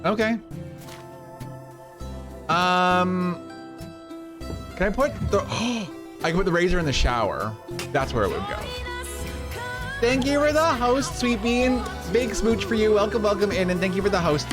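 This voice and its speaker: A man's voice: high voice, very animated, unhurried, pauses often, music in the background. A man live-streaming a game, chatting casually and rambling as he thanks viewers. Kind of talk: casual live-stream chat while playing.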